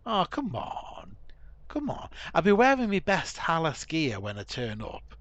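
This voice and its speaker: A man's voice: a little high, huge pitch swings, a little slow, a bit bright, no room sound. A man hosting a gaming video, musing to himself in casual gameplay commentary, restarting sentences as he goes.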